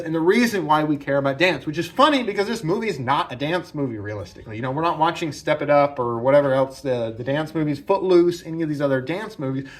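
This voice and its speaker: A man hosting a casual film analysis, talking enthusiastically and rambling, often repeating himself. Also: a little high. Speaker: video essay host.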